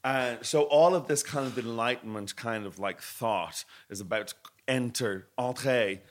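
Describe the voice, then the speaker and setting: A man with a mid-range voice, speaking at normal speed, co-hosts a podcast, chatting casually and joking around playfully.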